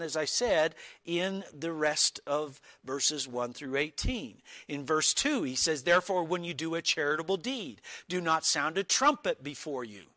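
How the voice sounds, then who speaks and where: Reading Bible verses in an earnest expository sermon, a man goes slowly and deliberately, emphasizing key words with occasional small restarts. His voice is on the high side, bright and forceful, and there's no echo.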